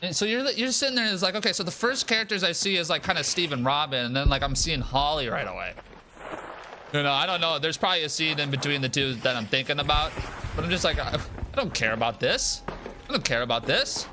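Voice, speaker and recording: A young man streaming a game, talking in a casual, profane, animated rant and repeating himself for emphasis. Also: a little high, quick pace, noisy background. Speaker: gaming streamer. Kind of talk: casual live-stream rant while gaming.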